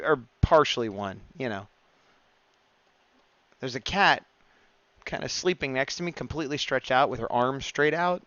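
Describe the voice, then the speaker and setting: Drawing on a live stream, this man keeps up casual chatter, mutters to himself, and reads the chat out loud. His voice sits at medium pitch with a slightly bright edge. The sound is lo-fi and has no echo.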